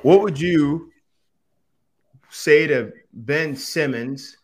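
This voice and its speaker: A man talking as a podcast guest and coach, telling stories in an animated way and acting out the people he quotes. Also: very slow. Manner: animated storyteller who acts out quoted voices with big pitch jumps. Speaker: podcast guest, quarterback coach and former TV analyst. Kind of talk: casual podcast conversation.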